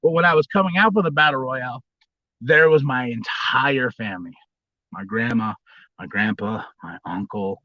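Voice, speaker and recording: Rambling wrestler man on a bright voice. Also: normal speed, no room sound, dull audio. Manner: rambling, restarts, bursts into high squealing impressions. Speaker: livestream host, former wrestler. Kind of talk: casual storytelling livestream.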